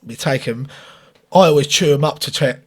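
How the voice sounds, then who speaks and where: A man's voice: mid-range voice, moderate pace, a little mellow. A man, co-hosting a casual podcast with crude, jokey banter. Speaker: podcast co-host.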